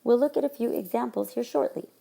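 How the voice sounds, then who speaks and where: A woman teacher talks through a recorded lesson in a clear, explanatory way, her voice carrying a gravelly edge. She speaks into a tablet microphone. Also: fairly high pitch, fast, mellow. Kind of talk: recorded classroom lesson narration.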